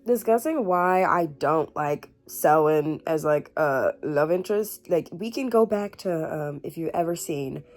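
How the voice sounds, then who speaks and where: A woman's voice: low-pitched, animated, unhurried, hardly any pauses, darkish tone, faint music behind. A woman in her twenties reacting to a book in a casual reading vlog, swearing, laughing and shrieking as she reads. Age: 20s. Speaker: book reviewer.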